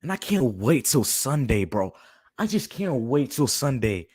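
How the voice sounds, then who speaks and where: A young man in a furious live-stream rant, calling everyone "bro" as he vents. His voice sits at an ordinary pitch and comes through a close microphone with no room sound at all. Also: sing-song, a little slow, a little mellow, breathy edge, dry recording. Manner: heated, repetitive, says "bro" constantly. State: fuming. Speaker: fan channel host.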